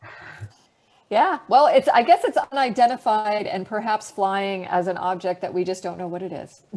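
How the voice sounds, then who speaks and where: A middle-aged woman, an astronaut guest, telling stories casually on a video call, animated and laughing often, with many fillers. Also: mid-range voice, measured pace, pauses often. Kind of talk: casual storytelling answers.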